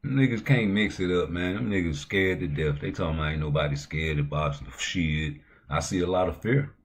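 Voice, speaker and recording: A man with a low, deep voice hosts a casual livestream. He talks in loose, profane, slang-heavy banter and keeps pushing into heated, loud outbursts. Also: a little fast. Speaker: livestream host.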